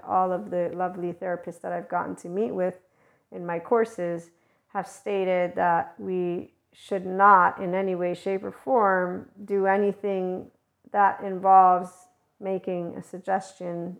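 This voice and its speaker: Gravelly-voiced woman giving spiritual guidance. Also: fairly low pitch. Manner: rambling, conversational, laughs softly. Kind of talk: casual spiritual teaching monologue.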